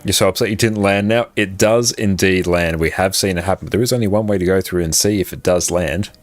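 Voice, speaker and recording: Low-voiced Australian man streaming a game. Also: brisk, dry recording. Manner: upbeat, thanks chat often, laughs easily. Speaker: livestream gamer. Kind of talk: casual live-stream chat.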